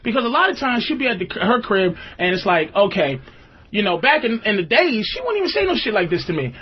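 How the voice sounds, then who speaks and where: A man hosting a podcast, telling comedic stories in casual chat, animated and profane, acting out other people's voices in quotes. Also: high voice, fast, slight background noise. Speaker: podcast host. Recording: slightly dull lo-fi sound.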